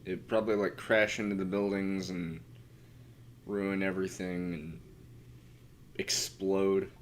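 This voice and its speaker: A man's voice: sits low, flat delivery, takes it slowly, a little hiss or hum. A tired man casually commenting while he streams a game, rambling in mumbled asides to himself.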